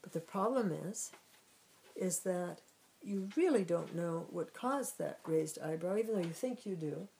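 A woman giving a spiritual teaching talk in a relaxed, conversational way, often repeating herself and saying "you know". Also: fairly low pitch, a little slow, gravelly, poor audio.

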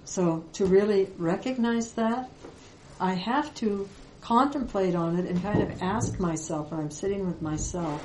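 A woman spiritual teacher giving a reflective Vedanta talk, with many pauses and fillers. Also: mid-range voice, echoey room, background noise.

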